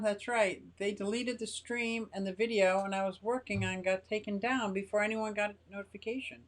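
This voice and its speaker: Chatting in a meandering way from her home garage, an older woman of medium pitch runs a laid-back live stream and reads her viewers' comments aloud.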